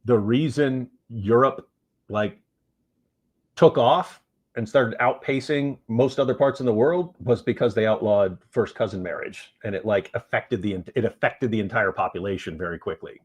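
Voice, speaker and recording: A man's voice: fairly low pitch, measured pace, breathy edge. A man appearing as a guest on a live stream, chatting casually and making dry, sarcastic asides. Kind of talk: casual livestream chat.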